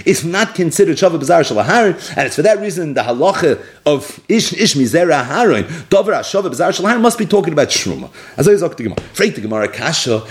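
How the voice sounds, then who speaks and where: A male teacher leads a Talmud lesson with a slightly raised, very lively voice that climbs and dips as he builds each point. He explains step by step, sometimes breaking into a laugh. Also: on the high side. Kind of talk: explaining and retelling a text to a class.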